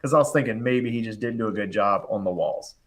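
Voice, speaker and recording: Young man, HVAC contractor, animated storyteller who acts out quoted voices, easy casual delivery. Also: fairly low pitch, quick pace. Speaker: HVAC contractor, show regular. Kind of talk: casual storytelling on a live panel show.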